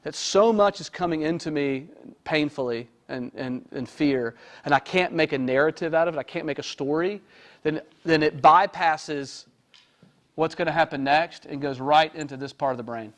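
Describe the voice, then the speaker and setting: A high-voiced man gives an informal lecture to an audience. He speaks as a therapist, in a chatty, joking way, and keeps checking in with "right?" and "okay?". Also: moderate pace. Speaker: therapist giving a talk.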